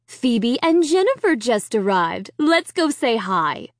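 A woman's voice: fairly high pitch, big pitch swings, slow pace, no echo, clean studio sound, exaggerated voice. A woman reading aloud, voicing a young mother who is impatient and insistent. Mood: impatient, frantic. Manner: insistent, rising to frantic.

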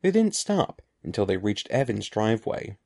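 Casting: expressive male storybook narrator, dark and gravelly, animated delivery. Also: lowish voice, moderate pace. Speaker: audiobook narrator.

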